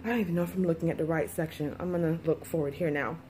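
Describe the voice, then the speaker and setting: A woman's voice: deep voice, steady tone, rapid-fire, a little mellow, slight background noise. A woman vlogging in a candid, rambling personal way, with many fillers and restarts, sometimes close to tears. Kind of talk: casual personal vlog talk.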